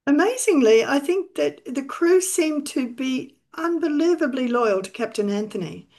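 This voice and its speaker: Woman storytelling a sea chase, fairly high voice, quotes people as she goes. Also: expressive, moderate pace, darkish tone. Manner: recounts events, briefly voicing quoted figures. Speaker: storyteller guest. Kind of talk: history storytelling with quoted dialogue.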